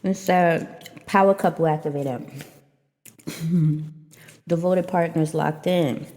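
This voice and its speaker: A woman's voice: deep voice, steady tone, takes it slowly, darkish tone, big-room sound. A woman giving a casual spiritual oracle reading to her viewers, rambling and chatty and addressing them as y'all. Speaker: spiritual reader.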